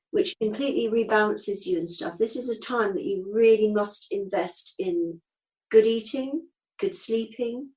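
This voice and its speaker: A woman's voice: mid-range voice, darkish tone, rough recording. Chatty straight-talking woman in her fifties. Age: 50s. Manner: straight-talking, chatty, uses homely analogies. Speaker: acupuncturist guest. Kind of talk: casual interview chat.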